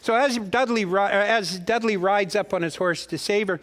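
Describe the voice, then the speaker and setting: A man preaching in a spiritual center, spinning a folksy story in a slightly high voice. He rambles, doubles back on his words and keeps turning to the congregation with direct questions. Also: moderate pace, fairly bright tone. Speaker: guest minister. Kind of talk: storytelling sermon.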